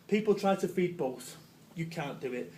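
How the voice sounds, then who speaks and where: A man with a Manchester accent gives a brash, joking motivational business talk at a live event. His voice sits high for a man, and he laughs and swears along the way. A faint noise runs under the recording. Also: animated, a little slow, dark tone. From Salford, England. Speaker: business speaker.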